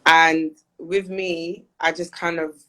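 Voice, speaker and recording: A woman's voice: on the low side, flat delivery, fairly bright tone. Chatty woman guest on a video call. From United Kingdom. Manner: chatty, candid, quick to laugh. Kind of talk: casual video-call interview.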